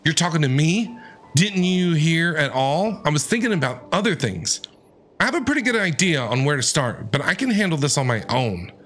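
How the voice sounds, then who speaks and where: A man's voice: a little high, sing-song, normal speed, fairly bright tone, slight background noise. A man voicing a smug young male knight captain from a manga, speaking in a breezy, offhand way.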